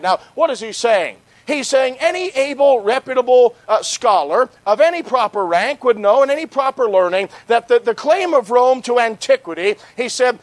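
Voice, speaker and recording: High-pitched preacher guy, passionate history sermon, keeps asking amen, dry sound. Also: lively intonation, normal speed, hardly any pauses, no room sound. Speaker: evangelist. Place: church conference.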